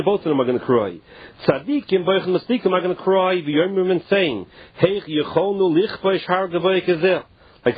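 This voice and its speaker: A man teaching a Talmud class, reading phrases slowly and then explaining them casually with many "like"s. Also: sits high, slightly rough, dry recording. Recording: muffled, dull and dry lo-fi recording.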